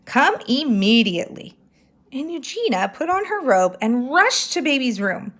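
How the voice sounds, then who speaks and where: A woman's voice: high voice, sing-song, moderate pace, a bit bright. A woman teacher reading a chapter book aloud on camera for her students, then explaining the next steps in a friendly, encouraging way. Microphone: handheld camera.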